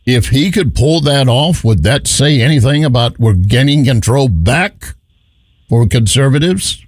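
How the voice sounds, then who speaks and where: A man's voice: medium pitch, lively intonation, a little slow, no room sound, clean studio sound. A man hosting a political talk radio show, asking probing questions and laughing often. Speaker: radio host.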